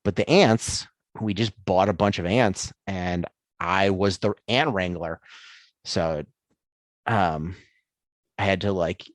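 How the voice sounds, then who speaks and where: A man's voice: deep voice, slow pace, pauses often, no echo. A man co-hosting a sports podcast in casual chat, easygoing and hesitant, with many ums. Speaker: podcast co-host.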